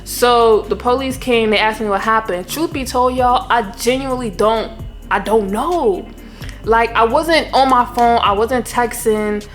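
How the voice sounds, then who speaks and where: A young woman, telling a story in an animated, exasperated way and often addressing viewers directly as a vlogger. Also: fairly high pitch, unhurried, faint music behind. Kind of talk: storytime vlog.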